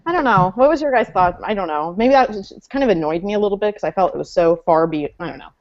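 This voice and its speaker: A woman's voice: mid-range voice, animated, fast talker, highs cut off. A woman co-hosting a casual fan chat over a video call, opinionated and chatty with lots of fillers. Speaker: podcast co-host. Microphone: webcam mic on a video call.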